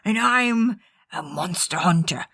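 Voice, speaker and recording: A woman putting on the voice of a little old male monster hunter, speaking slowly and haltingly as she reads his letter. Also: fairly low pitch, lively intonation, sharp tone, slightly rough, exaggerated voice. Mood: mock solemn. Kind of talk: comedic podcast voice impression.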